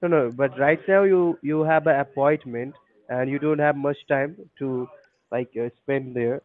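A man's voice: mid-range voice, a little slow. Man on a tinny phone line, stalling. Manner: scripted, repeats polite stalling phrases. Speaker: scam call center agent.

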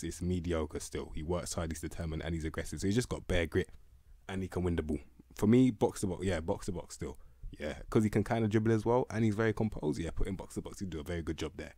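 A man's voice: low voice, warm tone, dry recording, clean studio sound. A young man, giving blunt, slangy, casual commentary on player ratings for a video. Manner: slangy, blunt, laughing, repeats "bruv" and "can't lie". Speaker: game content creator.

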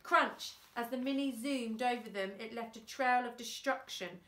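A woman teacher reading a children's book aloud, lively and acting out the characters. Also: moderate pace. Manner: lively, voices characters with big pitch jumps. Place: classroom or home, self-filmed. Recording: echoey room.

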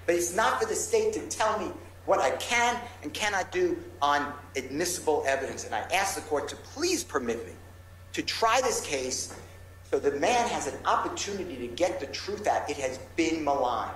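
A man's voice: on the high side, sing-song, normal speed, a bit bright, echoey room, slight background noise, poor audio. A male defense lawyer arguing insistently and passionately before a judge in a courtroom. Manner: impassioned, insistent pleading. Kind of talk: courtroom argument. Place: large courtroom.

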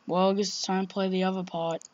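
A woman's voice: medium pitch, little pitch movement, fast, no room sound, muffled recording. A woman playing a horror game and commenting, jumpy and exclaiming, often swearing. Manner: jumpy, exclaiming, swearing, frequent 'oh my God'. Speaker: let's play gamer. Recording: loud background noise.

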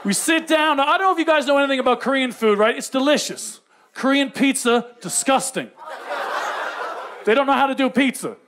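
A man's voice: very high-pitched, animated, a little fast, background noise. A young man, telling a brash, profane stand-up comedy story. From Canada.

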